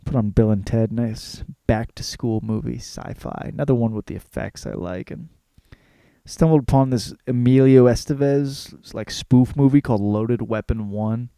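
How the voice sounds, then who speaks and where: Rambling, gravelly man with a dark voice. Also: medium pitch, normal speed, dry recording. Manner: crude, rambling, self-mocking, lots of fillers and cursing. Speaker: podcast host. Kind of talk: casual rambling comedic monologue.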